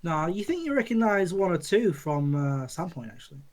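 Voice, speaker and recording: A man's voice: a little high, very animated, a little mellow, low-quality recording. Matter-of-fact male game master. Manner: matter-of-fact, brisk rulings. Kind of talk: running a tabletop game.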